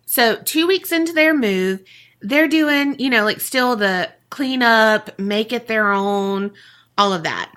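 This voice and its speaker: Slow, bright-voiced woman storyteller. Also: on the high side, lively intonation. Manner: casual, profane, laughs often. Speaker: podcast co-host. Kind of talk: casual storytelling chat.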